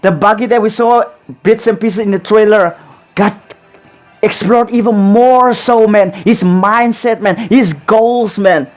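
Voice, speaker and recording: A man's voice: sits high, measured pace, soft background music. A man hosting a reaction video who reviews in casual, rambling talk, ending nearly every phrase with "man" and filling gaps with "um". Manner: says "man" after almost every phrase, many "um"s and restarts; excited and emphatic when praising, flatter and quieter when criticizing.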